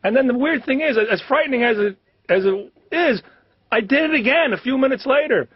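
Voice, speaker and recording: Weary high-voiced man comic. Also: lively intonation, fairly quick, slightly rough, dry recording, muffled recording. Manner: weary, with sudden startled outbursts. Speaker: stand-up comedian. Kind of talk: stand-up monologue.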